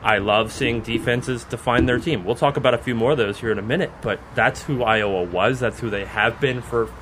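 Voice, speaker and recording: A man with a mid-range voice talks fairly quickly against background noise. Hosting a college football podcast, he chats casually about sports, joking, rambling, and laughing often.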